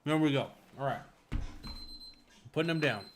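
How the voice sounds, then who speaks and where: A man's voice: on the high side, moderate pace, a little hiss or hum. Young man, casual livestream host, rambling jokester who pokes fun at himself. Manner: rambling, joking, self-mocking. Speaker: live streamer reading chat.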